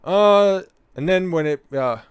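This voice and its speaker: A man's voice: sits high, takes it slowly, clear, resonant tone, no room sound. A man hosting a political commentary video, ranting in a heated, sarcastic and profane way.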